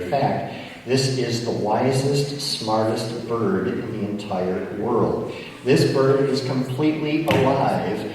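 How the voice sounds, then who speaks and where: A man working as a stage hypnotist, giving playful, commanding suggestions and slowing into soothing instructions. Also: mid-range voice, a little mellow, slight background noise. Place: large hall stage. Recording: distant echoey hall recording.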